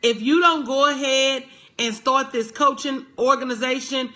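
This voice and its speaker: Woman consultant hosting a motivational livestream from a phone, high and bright, big on call-and-response. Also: steady tone, moderate pace. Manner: call-and-response, greets viewers by name. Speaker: business consultant.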